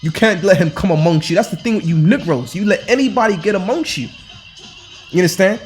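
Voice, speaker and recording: A man with a notably high voice preaches in a loose, colloquial way. He hammers each point with rhetorical questions and frequent restarts. Faint music plays behind him. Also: expressive, brisk. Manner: hectoring, repeats himself with rhetorical questions. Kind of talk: informal scripture-reading sermon.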